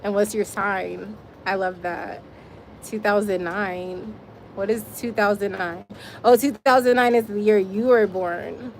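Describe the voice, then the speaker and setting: A woman's voice: medium pitch, steady tone, a little slow, a little hiss or hum. A woman in her forties from Massachusetts, hosting a casual livestream and chatting with viewers by name. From Springfield, Massachusetts, US. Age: 40s. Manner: chatty, reads viewer names aloud and laughs often. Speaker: livestream host. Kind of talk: casual livestream chat reading comments.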